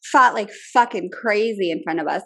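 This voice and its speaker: A woman's voice: mid-range voice, fairly quick, a bit bright. A woman in her thirties co-hosting a podcast, speaking frankly and emphatically, swearing casually. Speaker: podcast co-host. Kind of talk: casual chat.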